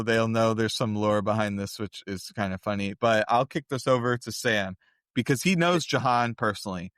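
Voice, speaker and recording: A man's voice: medium pitch, fairly bright tone, dry recording, studio quality. Analytical male podcast co-host. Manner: analytical, talks in long run-on explanations. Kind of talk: casual chat.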